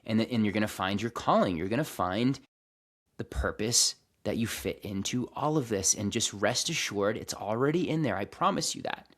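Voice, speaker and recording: Earnest, calm-talking man. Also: on the low side. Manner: earnest, slow and calming, with frequent restarts and casual swearing. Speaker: host. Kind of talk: reflective spiritual monologue.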